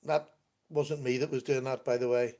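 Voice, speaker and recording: A man at a computer at home, hosting a relaxed livestream. He talks in an easy, chatty way, laughs often, and reads out comments from viewers as they come in. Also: mid-range voice, moderate pace. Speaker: livestream host. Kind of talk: casual chat.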